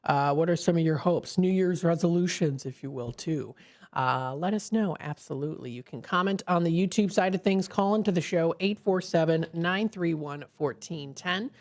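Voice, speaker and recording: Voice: medium pitch, moderate pace, darkish tone. A radio host, chatting on a live call-in show from a studio microphone, rambling with many fillers and restarts.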